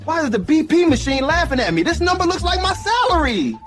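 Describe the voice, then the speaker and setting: A man's voice: very high voice, wildly swooping pitch, a little fast, over music. A man acting as a doctor in a comedy skit, laughing and exclaiming. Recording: loud background noise.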